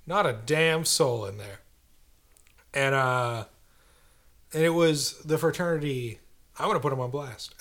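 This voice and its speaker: A man's voice: a little high, creaky, fairly bright tone. A young man, a podcast co-host, telling a story in casual chat with a dry, wry manner.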